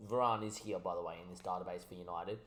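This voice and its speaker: Tipsy lower-voiced man commentating a game. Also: fast. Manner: excitable mock match commentary, chatty asides. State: a little tipsy from wine. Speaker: Football Manager streamer. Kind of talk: casual gameplay commentary.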